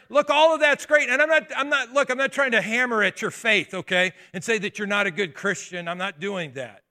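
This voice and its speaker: A pastor preaching a sermon, talking in an emphatic, conversational way and throwing rhetorical questions at the congregation. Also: male voice, high-pitched, a little fast, hardly any pauses, bright, forceful tone. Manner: conversational asides and restarts.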